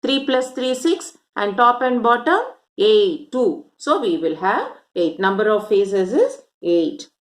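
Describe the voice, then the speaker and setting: Speaking slowly but with great animation, this medium-pitched woman gives a classroom maths lesson. She breaks things into steps, counts aloud, and keeps asking rhetorical questions.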